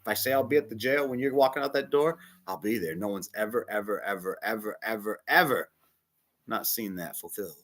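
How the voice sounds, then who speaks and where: A man preaching a casual sermon as a bishop, emphatic, swinging between loud stresses and hushed asides. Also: lowish voice, a little fast.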